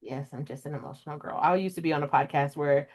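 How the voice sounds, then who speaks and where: A young woman hosting a casual book podcast, chatty and emotional, jumping way up in pitch when she acts out her own reactions. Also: quick pace. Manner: emotional, animated storyteller with big pitch jumps in quoted reactions. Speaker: podcast host. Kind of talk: casual chat.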